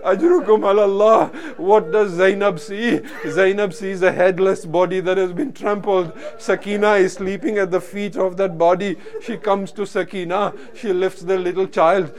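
High-voiced man reciting a mournful sermon. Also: steady tone, normal speed, hardly any pauses. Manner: grief-laden, voice breaking into sobs. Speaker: preacher reciting a mourning narrative.

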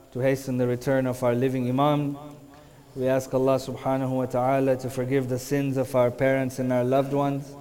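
A man's voice: medium pitch, warm tone. A man delivering a sermon, telling a story and rising into mournful chanted recitation. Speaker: religious speaker.

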